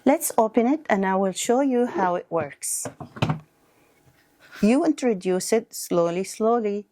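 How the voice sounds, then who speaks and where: A woman teacher showing a toddler play activity, speaking in slow, simple, encouraging words. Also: medium pitch, animated, dark tone. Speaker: early childhood teacher.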